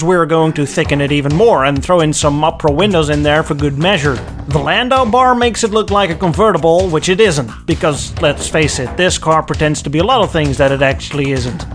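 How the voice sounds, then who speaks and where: A man's voice: a little high, fairly bright tone. A man narrating a car history video in a sarcastic, mocking way. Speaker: car history channel host.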